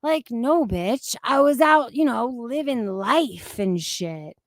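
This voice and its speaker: Blunt, sarcastic woman streamer; unhurried, higher pitch, dry close sound. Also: lively intonation, no room sound. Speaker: reaction streamer. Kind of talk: live stream commentary.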